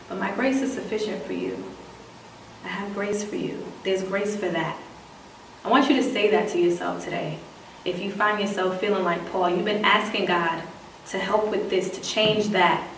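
A woman preaching a sermon, reading scripture slowly and emphatically, then breaking into casual slang asides. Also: mid-range voice, slight background noise. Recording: echoey room, voice from a distance.

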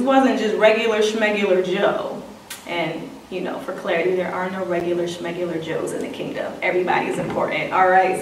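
A woman preaching a sermon, reading scripture slowly and emphatically, then breaking into casual slang asides. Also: mid-range voice, a little hiss or hum. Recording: echoey room, voice from a distance.

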